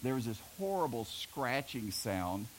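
A man's voice: mid-range voice, very animated, measured pace, a little hiss or hum, poor audio. A middle-aged man from Oklahoma preaching a sermon, telling homespun stories and joking with the congregation. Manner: folksy storytelling, jokes with the congregation. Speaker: pastor.

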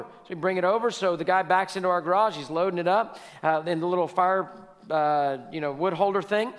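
A man's voice: high-pitched, a little fast. Man, pastor, sermon, storytelling, repeats key lines, reverberant hall.

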